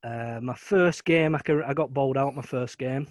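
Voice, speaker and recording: A man's voice: mid-range voice, moderate pace, dry recording. A man talking casually as a guest about his early cricket years, hesitant with many ums. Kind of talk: casual chat.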